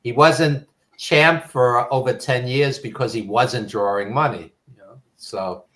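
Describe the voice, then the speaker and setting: This is an older New York man guesting on a podcast, his Brooklyn accent coloring rambling, um-filled stories of the past. The voice is mid-range, fairly bright, and a little slow.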